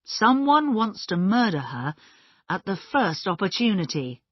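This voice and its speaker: A blunt young man, voiced by a woman narrator, speaking slowly with a husky edge. The storybook recording sounds dry and a bit muffled. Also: mid-range voice, big pitch swings, no room sound, pitched above the performer's own voice.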